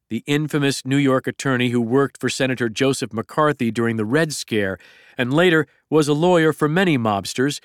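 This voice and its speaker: Middle-aged guy reading his memoir, smooth clear voice, dry close sound. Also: mid-range voice, no room sound. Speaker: narrator. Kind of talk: memoir audiobook narration.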